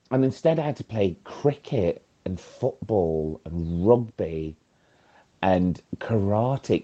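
A man's voice: on the low side, mellow. A man leaving a chatty, camp, theatrical voice message as a caller. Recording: dull lo-fi voice note.

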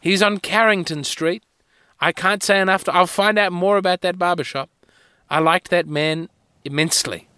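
A man's voice: high-pitched, steady tone, normal speed, bright, forceful tone, clear, resonant tone, dry recording. A man hosting a podcast, telling rambling, wry, self-mocking stories in a solo monologue on a close mic. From Australia. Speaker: podcast host.

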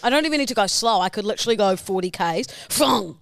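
An Australian woman in her late twenties co-hosting a podcast, playful and animated in casual banter. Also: medium pitch, very fast, clean tone, dry recording. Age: 20s. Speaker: podcast co-host.

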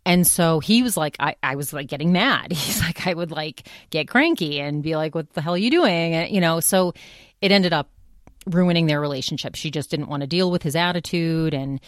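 This podcast host has a low-pitched voice and a moderate pace, recorded with studio quality and no room sound. Her casual solo monologue is chatty and rambling, and she restarts often.

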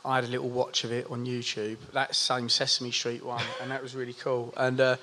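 A man's voice: medium pitch, monotone, fairly quick, bright, forceful tone, a little hiss or hum. A man guesting on a casual chat, joking and laughing often.

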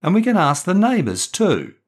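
A man's voice: sits high, wildly swooping pitch, normal speed, breathy edge, voice pushed up, heavily acted. A man voicing a sensible older sister, a school captain, in a storybook reading. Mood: keen.

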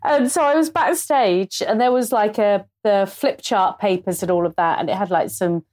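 A woman's voice: medium pitch, moderate pace, a little mellow. A woman co-hosting a casual chat, reacting to stories and then telling her own.

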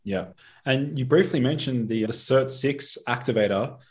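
A man's voice: medium pitch, normal speed. A man hosting a podcast, asking questions in a casual, curious way. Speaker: podcast host. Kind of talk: podcast interview.

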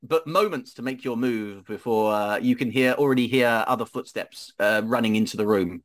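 A man's voice: mid-range voice, moderate pace. A man narrating as game master of a tabletop game, hesitant and full of fillers.

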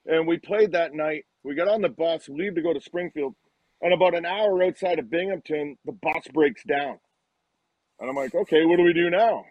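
A man in his fifties, a retired hockey player, telling lively anecdotes as a guest and acting out the lines people said. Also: a little high, moderate pace, no room sound, rough recording. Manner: animated anecdotes, acts out quoted lines. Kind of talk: casual storytelling on a live show.

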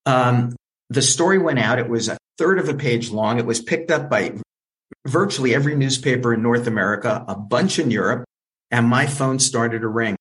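An older man recounts his career as an interview guest, lively and theatrical as he plays out the voices in his anecdotes. His voice sits at an ordinary middle pitch. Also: moderate pace, rough recording. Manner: animated storyteller who acts out quoted voices. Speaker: interview guest, film producer. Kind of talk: storytelling in an interview.

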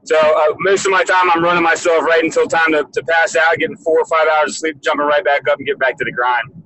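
A man's voice: fairly high pitch, steady tone, quick pace, a crowd in the background, rough recording. A man on a group video call, hesitant and apologetic, with many fillers. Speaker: roundtable member.

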